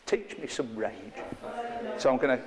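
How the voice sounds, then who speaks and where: A man's voice: mid-range voice, big pitch swings, moderate pace, big-room sound, crowd noise. A middle-aged man, leading an interactive workshop with a live group in a chatty, playful, self-mocking way. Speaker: workshop trainer. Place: training room with a live group.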